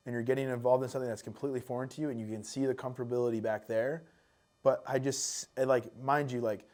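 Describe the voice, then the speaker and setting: A man talking on a relaxed podcast, rambling through his thoughts. He fills his speech with "like" and "dude" and swears freely. His voice sits at an ordinary pitch for a man. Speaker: podcast guest. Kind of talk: casual chat.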